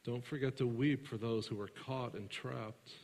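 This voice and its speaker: A man preaching a sermon, alternating between loud emphatic passages and hushed, soft ones, and putting questions to his congregation that he answers himself. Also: mid-range voice, steady tone, normal speed. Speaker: pastor. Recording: reverberant large room.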